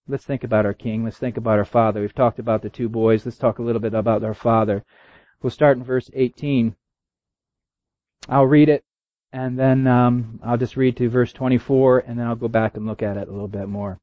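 A man preaching a sermon, telling a story and reading scripture, his voice swinging from loud and high to low and quiet. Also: steady tone, a little fast, no room sound. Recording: dull, dry lo-fi recording.

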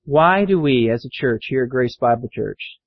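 A man's voice: mid-range voice, expressive, normal speed, no room sound. A man preaching a sermon in a conversational way, asking the congregation questions. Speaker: pastor. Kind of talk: sermon with storybook reading. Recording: dull lo-fi recording.

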